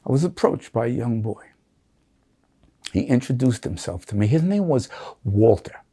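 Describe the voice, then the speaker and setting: An older American man tells his life story in an interview, his mid-range voice husky and a little worn. He speaks at normal speed with big pitch swings and long pauses. Emotional throughout, he acts out the voices of people he remembers, sometimes hushed and sometimes loud.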